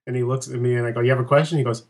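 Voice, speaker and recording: Animated middle-aged man telling a story. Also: mid-range voice, rapid-fire. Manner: animated, laughing storyteller who acts out quotes. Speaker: podcast guest. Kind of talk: casual storytelling interview.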